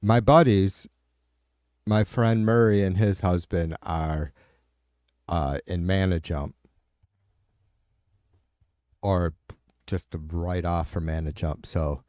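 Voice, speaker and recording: A middle-aged man hosts a livestream and swears freely as he rambles through answers to his chat. His voice sits fairly low, with a warm, mellow tone. The sound is dry and close. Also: slow pace, long pauses, no room sound. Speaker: livestream host. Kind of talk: casual chat with viewers.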